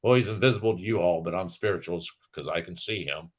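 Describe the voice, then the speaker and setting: A man's voice: sits low, fast talker, husky. A man hosting a live stream, ranting and mocking in casual, profane chat.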